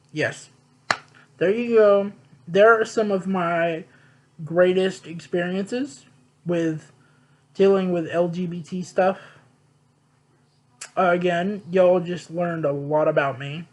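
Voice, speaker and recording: On poor audio, a young man with a high voice vlogs a personal story. He's blunt, candid and emphatic, swearing freely.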